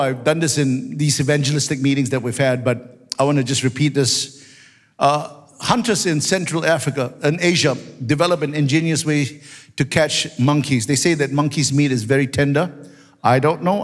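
An animated man pastor preaching a story-filled sermon and rising to shouts at its peaks. His voice sits fairly high for a man. A long reverb from the church hall trails behind every phrase. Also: moderate pace.

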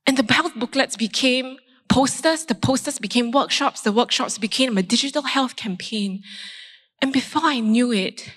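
A woman, a doctor giving a faith testimony and telling her story in a lively way, acting out her own reactions. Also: fairly high pitch, moderate pace. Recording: long reverb in a large hall.

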